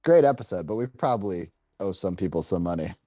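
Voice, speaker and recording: A man with a low, mellow voice bantering on a podcast. His pitch swings widely as he teases and jokes with his friends. The sound is dry and close. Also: expressive, dry recording. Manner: teasing, quick to joke. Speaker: podcast co-host.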